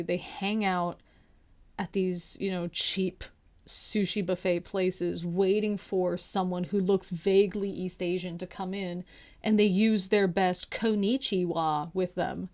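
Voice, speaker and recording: A woman's voice: lowish voice, takes it slowly. Chatty woman telling a story. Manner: chatty, animated retelling with quoted voices. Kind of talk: casual anecdote.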